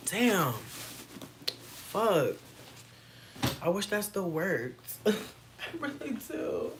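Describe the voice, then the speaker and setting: A woman's voice: mid-range voice, very animated, extremely slow, noisy background. A woman chatting casually on a livestream, reading and answering comments in a playful, laid-back way with plenty of swearing.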